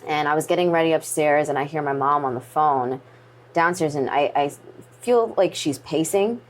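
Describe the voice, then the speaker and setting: Brief: woman in her 20s, low voice, earnest and halting, subdued guest in a sit-down interview. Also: a little hiss or hum. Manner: earnest, halting storytelling with restarts. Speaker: interview guest, pro wrestler.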